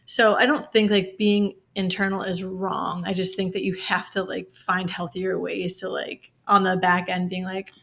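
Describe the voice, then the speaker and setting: This woman co-hosts a podcast, sharing openly and emotionally in frank conversation, saying "like" a lot and sometimes swearing. Her voice is fairly low and creaky but fairly bright in tone, with little pitch movement, normal speed and few pauses.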